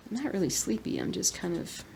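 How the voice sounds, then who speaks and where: A woman in her thirties talks while she stitches, rambling gently and dropping to a murmur now and then. Her voice sits low with a gravelly edge. A faint hiss of room noise runs under it. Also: huge pitch swings, a little fast. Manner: soft-spoken, rambling, murmurs to herself while working. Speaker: cross-stitch vlogger. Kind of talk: relaxed stitch-along chat.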